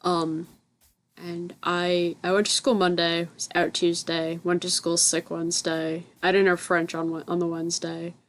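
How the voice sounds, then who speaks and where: A young American woman with a fairly low, flat voice and a moderate pace tells a rambling story as host of a gaming channel. Her chatty voice-over, recorded separately from the game footage, is full of pauses to correct herself.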